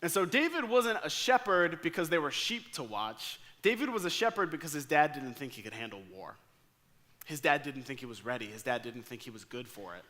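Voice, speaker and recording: Bright, energetic American man preaching. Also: on the high side, a little fast. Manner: energetic storyteller acting out quoted lines. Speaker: pastor. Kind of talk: sermon.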